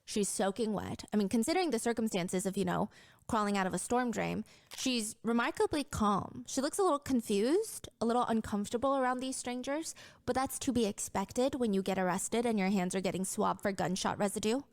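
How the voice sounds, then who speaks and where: Female true-crime narrator, calm and measured, dry close recording. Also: a little high, no room sound.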